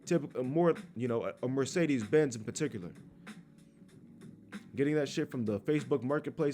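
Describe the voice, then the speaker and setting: A man delivers a rough, profane sermon, reading scripture aloud and scolding listeners without restraint. His voice sits at an ordinary middle pitch, with faint music playing underneath. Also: moderate pace, pauses often, dark tone. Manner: blunt, crude, scolding, reads verses aloud. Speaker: street preacher.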